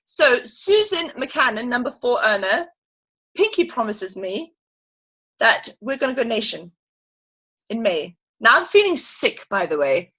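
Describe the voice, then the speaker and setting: A woman leading a sales team through a motivational training talk on a video call, animated and emphatic, acting out little scenes as she speaks. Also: fairly high pitch, unhurried, breathy edge, low-quality recording.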